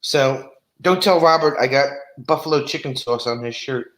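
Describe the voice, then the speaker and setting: Bright-voiced chatty man in an echoey room. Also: medium pitch, normal speed. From New Jersey. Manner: chatty, laughs often, answers chat comments aloud. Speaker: live stream host reading chat. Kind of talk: casual live chat.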